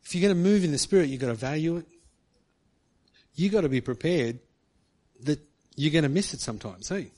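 A man's voice: on the high side, lively intonation, a little fast, long pauses, a little mellow. A middle-aged man preaching, telling a personal story in a chatty way and ending remarks with "hey". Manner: chatty, tag questions with "hey". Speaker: pastor. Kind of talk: sermon storytelling.

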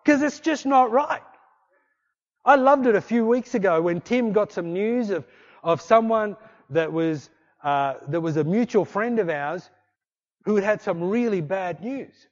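A man preaching a sermon, exhorting with repeated refrains and swinging between loud bursts and hushed passages. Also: high-pitched, a little slow, muffled recording. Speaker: pastor.

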